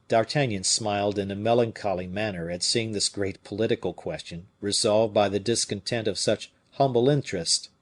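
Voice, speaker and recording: Husky, low-voiced male audiobook narrator.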